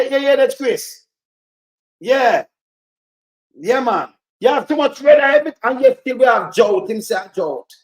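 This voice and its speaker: Rambling Jamaican man in a roomy echo. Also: very high-pitched. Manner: animated, rambling, swears. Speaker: commentator reacting to a clip. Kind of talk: casual reaction commentary.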